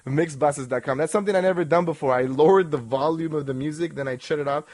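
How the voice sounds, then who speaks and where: Male host, laid-back and jokey, slightly high voice, dry close sound. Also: fast talker, a little mellow, dry recording. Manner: joking, laid-back, laughs often. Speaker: show host. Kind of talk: casual interview chat.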